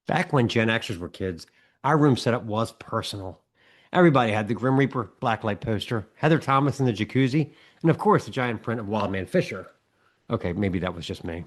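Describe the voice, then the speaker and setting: A man co-hosting a comedy podcast, telling wry stories and acting out yelling dads. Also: fairly low pitch, animated, a little fast. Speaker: podcast co-host.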